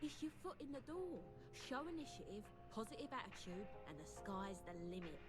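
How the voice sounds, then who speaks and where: Peppy ex-cheerleader, high and bouncy. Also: female voice, sing-song, a little fast. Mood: encouraging. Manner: upbeat, encouraging. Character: peppy former head cheerleader woman. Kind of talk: video game dialogue. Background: loud music.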